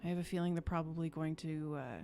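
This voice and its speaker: A woman's voice: low-pitched, steady tone, fast, creaky, mellow, faint music behind. A woman voicing a stern, threatening male guard captain in a tabletop game, giving curt, clipped orders. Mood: curt warning.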